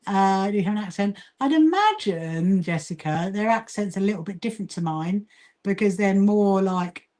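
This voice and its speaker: A woman's voice: medium pitch, expressive, normal speed, a little mellow. A woman with a southern English accent hosting a casual sewing livestream, chatting to viewers while she works. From England. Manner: chatty, greets viewers, talks while working, frequent restarts. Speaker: livestream host and quilting association founder.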